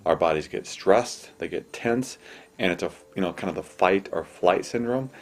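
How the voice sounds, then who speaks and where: A middle-aged man hosts an advice show, speaking in a calm, soothing way as he guides listeners through slow breathing. His voice is deep.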